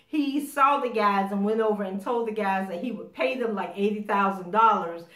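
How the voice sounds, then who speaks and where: A woman giving a casual spoken recap of a TV episode, animated as she acts out the characters' lines. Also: mid-range voice, normal speed. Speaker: TV show recapper. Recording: roomy echo.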